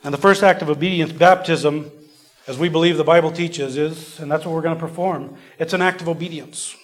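A man preaching a sermon in a church, earnest and repetitive, falling to a near whisper before swelling loud again. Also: fairly high pitch, fairly even intonation, a little fast. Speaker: pastor. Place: church service.

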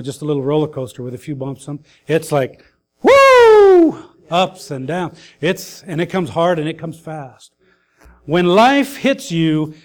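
A man preaching a sermon, earnest and grieving his mother, pausing with fillers and rising to emphatic calls. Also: fairly high pitch, a little mellow. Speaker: pastor.

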